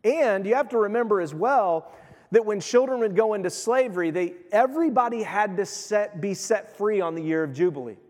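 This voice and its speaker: A man preaching a sermon as pastor, in a lively, conversational way, acting out the voices of the people he quotes. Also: high voice, a little fast. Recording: long hall reverb.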